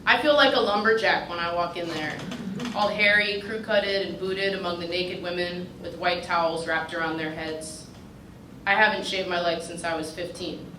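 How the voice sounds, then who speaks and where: A woman's voice: lowish voice, fairly even intonation, moderate pace. Woman reading a wry personal essay, roomy and distant. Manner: dry, wry delivery that draws audience laughter. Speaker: fellow reading her own essay. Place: reading at a writers' retreat with a live audience. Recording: roomy, distant mic with background noise.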